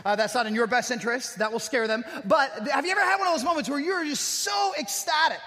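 A man's voice: very high voice, fast talker, bright, forceful tone. A man preaching a sermon, telling personal stories with self-deprecating humor and rhetorical questions. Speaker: pastor. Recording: echoey hall with long reverb.

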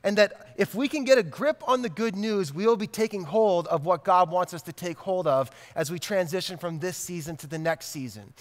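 A man's voice: high voice, moderate pace, few pauses. A male pastor in his thirties preaching a sermon in a conversational way, repeating key lines for emphasis. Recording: long hall reverb.

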